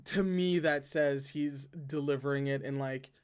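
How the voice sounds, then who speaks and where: A man's voice: mid-range voice, fairly even intonation, unhurried, clear, resonant tone. Man reading aloud, chatty asides. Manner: conversational, breaks off to comment. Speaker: reader and commentator. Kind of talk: reading a novel aloud with commentary.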